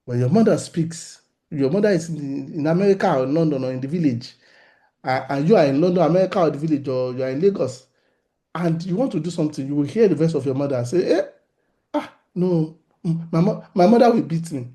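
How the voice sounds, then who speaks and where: A man's voice: a little high, fast talker, dark tone. A middle-aged man, teaching on relationships in a sermon, animatedly acting out little conversations. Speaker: pastor.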